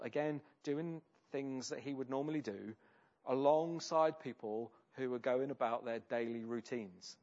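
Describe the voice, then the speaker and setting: A man preaching a sermon in a conversational way, often pausing with ums and restarting his sentences. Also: medium pitch, muffled recording. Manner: conversational, with many hesitations and restarts.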